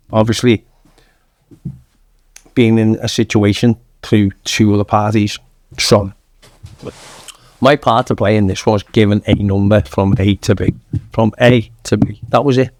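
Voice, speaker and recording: A man's voice: on the low side, a little mellow, no echo. A man in his thirties with a Manchester accent, telling his story as a podcast guest in a blunt, sweary way. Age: 30s. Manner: blunt, sweary, keeps saying "lad". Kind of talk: casual storytelling.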